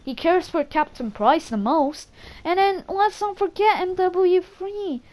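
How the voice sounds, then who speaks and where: A woman giving her casual, rambling opinions on game characters, excitable and swearing, often stopping to correct herself. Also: extremely high pitch, unhurried, low-quality recording. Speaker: gaming channel creator. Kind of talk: casual gaming opinion talk.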